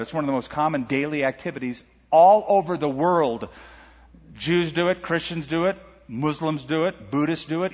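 A middle-aged man preaching a sermon as pastor, animated, asking rhetorical questions and reading scripture aloud. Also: on the high side, breathy edge. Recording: lo-fi church recording with long hall reverb.

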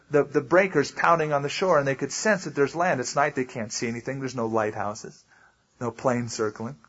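A man's voice: mid-range voice, a bit bright, slightly rough, muffled recording. A male pastor teaching a verse-by-verse Bible sermon in a conversational way, full of asides and explanations.

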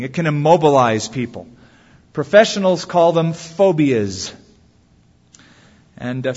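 A man, a pastor, preaching a sermon and telling stories, acting out quoted lines with lively shifts. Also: medium pitch. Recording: dull sound with long hall reverb.

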